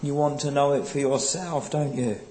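A man preaching a sermon in a slow, earnest, pleading way, quoting old scripture. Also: medium pitch, fairly even intonation, a crowd in the background, rough recording.

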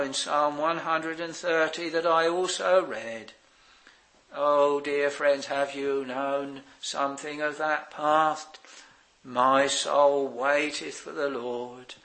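A man preaching a sermon, slow and halting with many fillers, swelling on exclamations and fading very soft at phrase ends. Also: on the high side, poor audio.

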